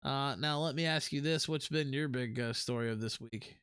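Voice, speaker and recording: A man's voice: mid-range voice, moderate pace, fairly bright tone, clear, resonant tone, no room sound, studio quality. A man hosting a casual livestream, reading chat messages aloud and swearing freely. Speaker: livestream host.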